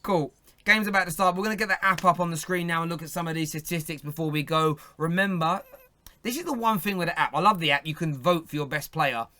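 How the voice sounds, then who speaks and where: A man's voice: on the high side, fast talker, sharp tone. A man hosting a live football fan phone-in, chatting casually, teasing and laughing often. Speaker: phone-in show host.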